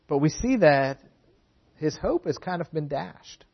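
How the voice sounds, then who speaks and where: A man's voice: fairly high pitch, expressive, unhurried, gravelly, husky, lo-fi sound. A man preaching a sermon, earnest, often repeating words for emphasis.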